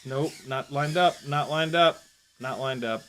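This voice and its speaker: A man vlogging as he flies a small drone, talking to himself in casual commentary with quick exclamations and the odd swear word. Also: medium pitch, fairly bright tone, a little hiss or hum. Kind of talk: casual commentary while flying.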